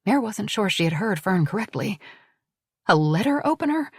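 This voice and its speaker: A woman narrating a suspense novel in a measured storytelling manner. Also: medium pitch, very animated, slightly rough, no echo, studio quality. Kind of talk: audiobook narration.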